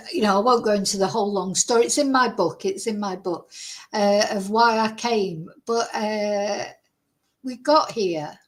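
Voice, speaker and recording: A woman's voice: medium pitch, a little mellow. Chatty woman telling a story. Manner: rambling, chatty, laughs often, self-interrupting. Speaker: true crime channel host.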